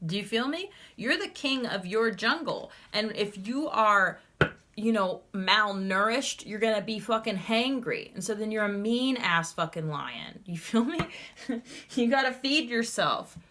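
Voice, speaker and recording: A woman's voice: mid-range voice, animated, unhurried, pushed and bright. A young woman doing a casual tarot reading, ranting and swearing heavily with lots of energy. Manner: ranting, heavy swearing, fired up. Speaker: tarot reader.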